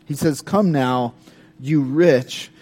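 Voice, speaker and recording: A man preaching a sermon in a conversational, animated way, breaking into dramatic scripture readings. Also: mid-range voice, takes it slowly, breathy edge. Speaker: pastor.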